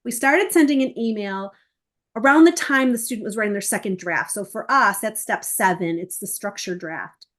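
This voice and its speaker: A middle-aged woman, an essay coach answering interview questions, explains her process in an animated way and acts out the emails and parents she quotes. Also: medium pitch, moderate pace.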